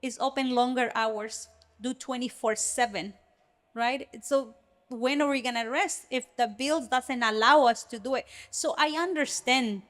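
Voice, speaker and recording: A woman co-hosting a casual podcast, her voice sitting a bit high. She talks earnestly and with energy, often restarting her sentences as she works out what she means. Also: unhurried. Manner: earnest, animated, many restarts. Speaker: podcast co-host.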